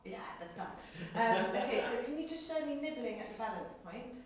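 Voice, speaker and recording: An encouraging woman leads a group violin class, counting and cueing her players with a slightly high voice. The room is echoey and the mic sits far from her, with violins sounding around her. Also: expressive, a little fast, slight background noise. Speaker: violin teacher trainee. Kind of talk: demonstrating a group violin lesson. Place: teaching room. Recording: roomy, distant mic with violin playing.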